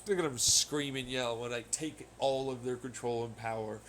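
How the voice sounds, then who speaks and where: A man's voice: mid-range voice, steady tone, moderate pace, very noisy. A man rambling in a casual solo podcast, profane, with sudden angry outbursts. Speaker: podcast host.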